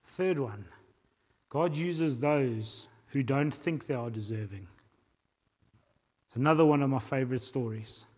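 A man with a South African accent preaching a sermon as pastor, animated, acting out voices and reading scripture aloud. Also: mid-range voice, a little slow, pauses often. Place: church hall. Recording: long hall reverb.

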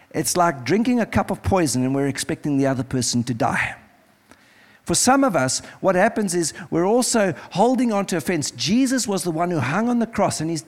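A man preaching as pastor in a church service, earnest and pleading, repeating phrases as he leads an altar call. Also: high voice. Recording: music playing behind.

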